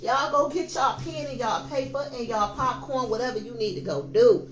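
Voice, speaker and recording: Woman, 50s, high voice, emphatic, preachy, tarot reading, roomy echo. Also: normal speed, slight background noise. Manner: emphatic, preachy, addresses viewers as y'all. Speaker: tarot reader. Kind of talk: casual tarot reading monologue. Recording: echoey room with faint music.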